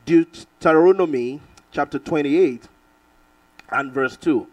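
A middle-aged man from Nigeria preaching a sermon, telling a personal testimony with animated storytelling and calls for amen. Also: high voice, moderate pace, no echo, distant mic, rough recording. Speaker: pastor.

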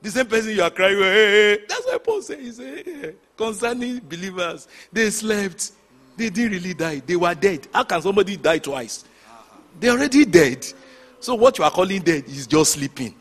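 Male pastor, lively swinging pitch, slightly high voice, light background noise, dramatic storyteller. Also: moderate pace, husky. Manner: animated storytelling with sudden shouts and hushed asides. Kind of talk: sermon.

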